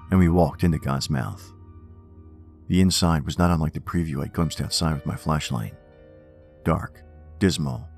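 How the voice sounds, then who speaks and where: Man, very deep voice, gravelly, horror story narration, measured and wry, faint music underneath.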